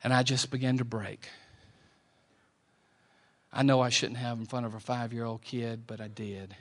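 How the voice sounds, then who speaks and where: Middle-aged guy preaching, storytelling, goes soft then loud. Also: medium pitch, little pitch movement, moderate pace. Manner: storytelling, swings from quiet to loud. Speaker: pastor. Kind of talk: sermon.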